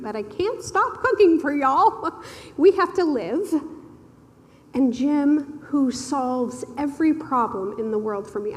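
High-voiced woman telling a story in a hall. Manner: animated, laughing often, voice rising and cracking with emotion. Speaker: speaker sharing a personal testimony. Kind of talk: storytelling testimony.

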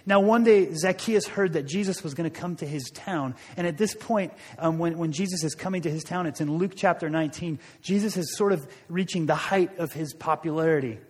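A man's voice: fairly high pitch, a little fast, few pauses, a little mellow, slightly rough, big-room sound. A man preaching a sermon, telling a story in a loose, conversational way with frequent restarts. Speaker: pastor.

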